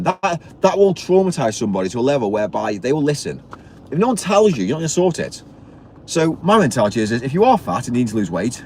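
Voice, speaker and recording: A man's voice: a little high, a little mellow, slight background noise. A man ranting bluntly on a live stream, preachy and swearing, stumbling and repeating words as he goes. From Britain.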